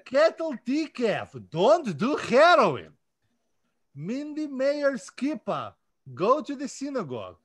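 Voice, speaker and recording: A loud, sing-song mock Russian accent, as a man puts it on, drawing out each name in a very high, lively voice. It is hammed up for fun and swoops widely in pitch. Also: takes it slowly, full character voice. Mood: hammy. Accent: put-on Russian.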